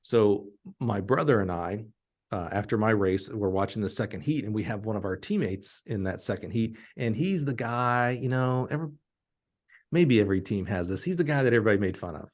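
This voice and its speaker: A middle-aged man from Alabama, hosting a podcast and telling a story in an animated, laughing way. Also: on the low side, brisk. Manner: animated, laughing storyteller who acts out quotes. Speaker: podcast host.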